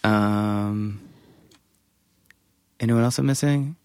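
A man's voice: on the low side, extremely slow, clean tone, no room sound. A man co-hosting a podcast, introducing the guest in casual chat with hesitant fillers.

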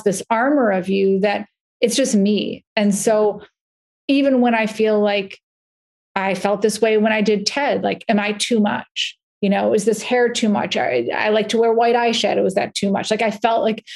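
A woman talking as a podcast guest, telling stories in a chatty, animated way with lots of "like". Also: medium pitch. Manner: chatty, animated storytelling with frequent "like". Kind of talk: casual podcast conversation.

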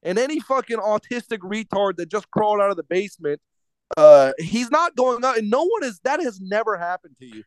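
A man with a high, light voice rants through a casual podcast chat, swearing freely and tripping over restarts. The sound is dry and close, with no room around it. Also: big pitch swings, brisk, dry recording. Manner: profane ranting with stumbling restarts. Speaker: podcast co-host.

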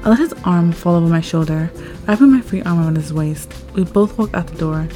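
A woman reading a first-person story aloud, expressive and rising at tense moments. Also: lowish voice, fairly quick. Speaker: story narrator. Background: faint background music.

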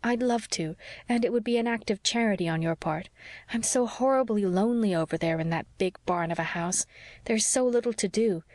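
A woman reading the part of a lonely, gentle young woman who talks in an earnest, confiding way, for an audiobook. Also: mid-range voice, no room sound, natural voice. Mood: pleading.

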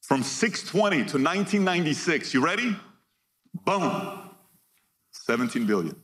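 A man giving a motivational keynote to a live audience, energetic and punchy, reading figures out in short bursts and firing questions at the crowd. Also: a little high, normal speed. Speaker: keynote speaker.

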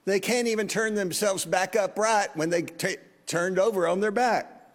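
Man in his 50s preaching, high voice, long church echo, earnest and chatty. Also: normal speed. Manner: earnest, conversational, asks the congregation questions. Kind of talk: sermon. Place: church sanctuary.

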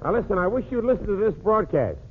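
Old-time radio host guy, kinda high voice, joking through a pretend phone call, thin crackly sound. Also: big pitch swings, fast. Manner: wisecracking one-sided phone gag. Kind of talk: 1940s radio comedy monologue. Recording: tinny old radio broadcast with faint hiss.

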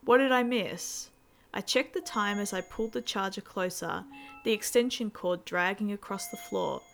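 A woman narrating a first-person suspense story in a tense, steady way, with faint music behind her. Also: mid-range voice, normal speed, creaky. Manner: tense, steady storytelling with sudden shouted outbursts.

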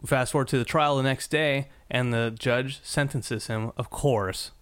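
A man's voice: mid-range voice, fairly even intonation, a bit bright, clear, resonant tone, dry recording. A man co-hosting a podcast, recapping a TV episode in casual chat with lots of fillers, restarts and laughter. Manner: halting, many fillers, laughs often. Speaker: podcast co-host.

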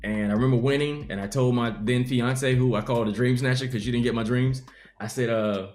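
A man's voice: medium pitch, fairly quick, roomy sound. A young adult man, a comedian, telling his life story in an interview and acting out the people in it. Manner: animated storyteller acting out quotes.

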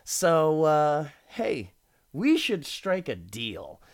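A man's voice: fairly high pitch, wildly swooping pitch, extremely slow, voice pushed up, full character voice. A man voicing a smug, obsessive rich man who boasts while he blackmails. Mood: gloating.

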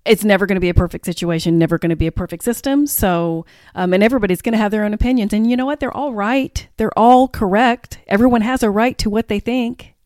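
A woman's voice: mid-range voice, fast talker, few pauses, darkish tone, no room sound, studio quality. A woman chatting casually and reflectively in an easygoing way. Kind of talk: casual chat.

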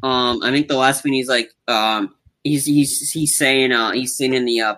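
A man's voice: medium pitch, steady tone, moderate pace, bright, forceful tone. A man in casual conversation, recapping movie scenes with lots of fillers and restarts. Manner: rambling, many fillers, acts out quotes.

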